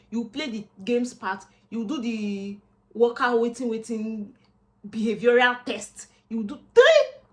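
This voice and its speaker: With a fairly high pitch, this young job-seeking vlogger talks casually to camera in a Nigerian accent. She's expressive and slips into Pidgin asides.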